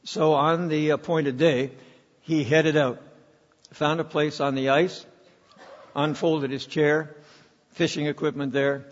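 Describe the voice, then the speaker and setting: A man's voice: a little high, level tone, slow pace, pauses often. A man preaching a sermon as pastor, telling stories and leading the congregation in reading aloud. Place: church sanctuary. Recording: dull, lo-fi sound with long hall reverb.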